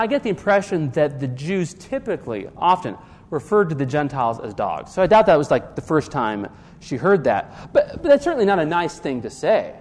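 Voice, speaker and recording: A man's voice: a little high, in a large hall. A man preaching a sermon as pastor, earnest, often restarting his sentences and asking rhetorical questions.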